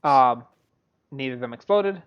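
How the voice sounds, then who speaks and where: A man's voice: mid-range voice, lively intonation, clear, resonant tone. Guy running a tabletop game, ums and likes everywhere, muffled lo-fi sound. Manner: halting, full of "um" and "like". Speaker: game master. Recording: dull lo-fi audio.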